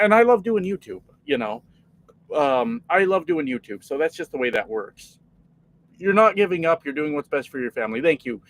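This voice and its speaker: Man around 40, somewhat high voice, casual live stream chat, swears a lot, rambles through stories. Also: poor audio. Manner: profane, rambling storyteller reading out chat.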